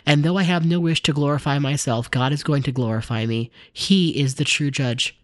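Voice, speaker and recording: A man reading as a calm authoritative teacher. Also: on the high side, moderate pace, no room sound, lightly acted. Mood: earnest. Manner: steady, earnest scripture reading.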